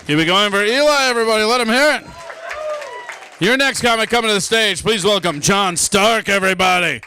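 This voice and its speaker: A man emceeing a comedy show, loudly announcing acts and hyping up the crowd. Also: high-pitched, fairly quick, a little hiss or hum. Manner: loud, announcing.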